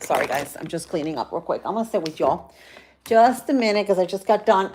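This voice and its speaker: A woman's voice: lowish voice, expressive, a little fast, darkish tone, slight background noise. A woman chatting casually on a livestream, reading viewers' comments aloud and answering them. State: chilled from the cold. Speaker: livestream vlogger.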